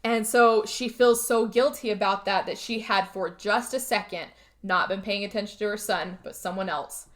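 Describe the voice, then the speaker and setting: A woman's voice: mid-range voice, fairly even intonation, moderate pace, a bit bright. A woman co-hosting a podcast, casually retelling a film's plot with lots of acted-out lines and some swearing. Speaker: podcast co-host recapping a film. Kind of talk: casual chat.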